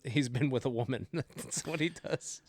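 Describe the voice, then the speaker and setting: A man's voice: medium pitch, normal speed, a little mellow. A man co-hosting a movie podcast, chatting casually, laughing often and acting out quotes from the film. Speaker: podcast co-host. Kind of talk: casual movie review chat.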